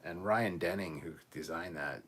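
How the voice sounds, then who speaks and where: A man co-hosting a relaxed livestream chat from a room at home, reading viewer comments aloud and swearing freely. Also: low voice, normal speed, breathy edge. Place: home room cluttered with costumes.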